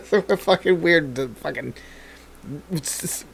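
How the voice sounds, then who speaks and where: A man's voice: fairly high pitch, slow pace, vocal fry, slightly rough. Rambling, profane man in casual chat. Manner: profane, rambling, laughs often. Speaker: podcast host.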